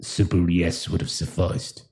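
Low mellow-voiced male game master. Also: measured pace, gravelly. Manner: relaxed, chuckling, improvising. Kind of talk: narrating a tabletop game.

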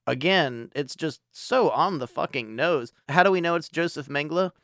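A man co-hosting a casual movie-review podcast, profane, animated and sarcastic. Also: a little high, moderate pace, no echo, studio quality. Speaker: podcast co-host.

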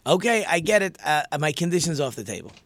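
A man's voice: on the high side, sing-song, fast, fairly bright tone, no room sound. A man voicing a humble would-be convert who muses hesitantly in a told story. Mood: musing. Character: humble male would-be convert, slowly convinced.

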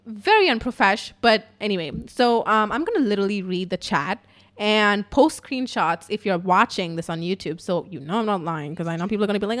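A woman podcaster tells a personal story straight to her audience. Her delivery is raw and emotional, peppered with swearing and constant "like" fillers, at an ordinary middle pitch. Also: animated, brisk, fairly bright tone. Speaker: podcaster and YouTuber.

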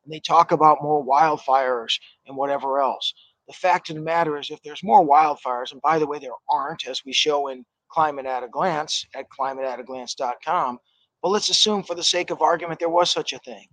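A man's voice: on the high side, moderate pace, fairly bright tone, no echo, low-quality recording. A man speaking as a panelist, building an argumentative case step by step. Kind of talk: panel discussion commentary.

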